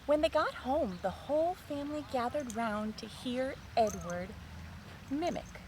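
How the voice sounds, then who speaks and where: A woman reads a children's story aloud in a high, bright voice. Her delivery is gently sing-song and full of lilt, and she takes the story slowly and clearly. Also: animated, a little hiss or hum.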